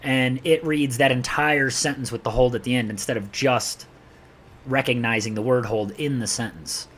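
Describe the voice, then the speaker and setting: A man's voice: medium pitch, fairly even intonation, moderate pace, fairly bright tone, slight background noise. A man from New York with a New York accent, rambling chattily through live gameplay commentary and talking to his chat. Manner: chatty, rambling, talks to chat while playing. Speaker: gaming streamer.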